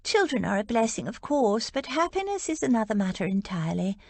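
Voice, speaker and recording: A woman voicing a placid, cheerful elderly spinster aunt in an audiobook, gentle and chatty. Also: fairly high pitch, sing-song, brisk, gravelly, no echo, heavily acted.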